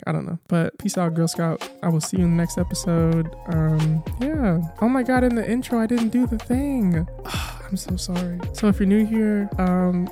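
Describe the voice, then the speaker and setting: Young podcast host, loose playful solo chat, rapid rambling delivery, relaxed mellow tone. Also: medium pitch, soft background music. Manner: rambling, talks very fast; playful, jokes at own slips.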